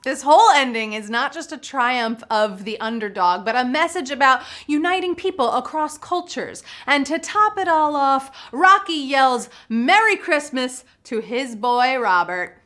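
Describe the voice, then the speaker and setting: Give me a bubbly woman trivia host with a bright, sparkly voice. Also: high voice, lively intonation, a little slow, few pauses. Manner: bubbly and chatty, laughs often. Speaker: trivia game show host. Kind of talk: live trivia hosting.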